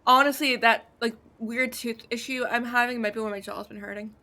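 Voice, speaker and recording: A woman's voice: a little high, steady tone, fairly quick, bright, forceful tone. A woman streaming a video game, chatting casually with rambling asides. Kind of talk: casual live game commentary.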